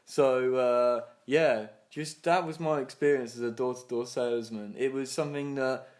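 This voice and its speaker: A young man in his twenties rambles through a story on a casual podcast, swearing freely and laughing as he goes. He slips into other people's voices to act out what they said, at a middle pitch. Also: fairly even intonation, normal speed, a little mellow. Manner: acts out other people's lines in his retelling. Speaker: podcast co-host.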